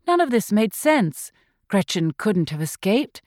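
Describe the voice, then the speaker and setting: A woman reading thriller narration in a measured, tense storytelling voice. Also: mid-range voice, sing-song, a little mellow, no echo, studio quality. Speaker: audiobook narrator.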